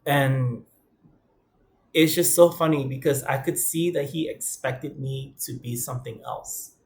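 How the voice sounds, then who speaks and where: Gravelly-voiced young man from the Bronx. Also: mid-range voice, a little slow. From the Bronx, New York. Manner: earnest, conversational, quotes others in dialogue. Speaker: vlogger. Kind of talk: candid personal talk to camera.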